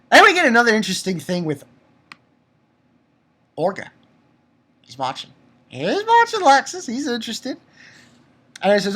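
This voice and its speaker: A man giving a casual, excitable spoken review of a manga chapter, swearing and repeating himself for emphasis. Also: high-pitched, measured pace, long pauses. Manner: excitable, profane, laughs often; repetitive, emphatic.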